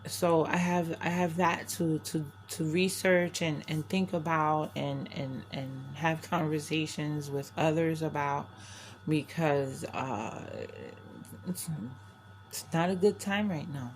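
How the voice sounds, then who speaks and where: A woman's voice: sits low, steady tone, takes it slowly, a little hiss or hum. An older woman from New York, a crafting vlogger chatting candidly to camera, rambling and often restarting her sentences. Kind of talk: casual chat to camera.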